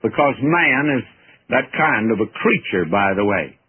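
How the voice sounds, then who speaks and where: A man's voice: medium pitch, lively intonation, measured pace, husky. Folksy man teaching scripture on radio. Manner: folksy, earnest, emphatic verse-by-verse exposition. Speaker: Bible teacher. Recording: tinny old radio broadcast.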